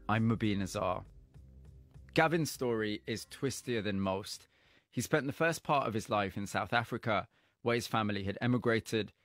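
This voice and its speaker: A man presenting a radio program, narrating a story in a measured way and interviewing a guest. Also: lowish voice, no echo, studio quality. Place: radio studio. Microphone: studio mic.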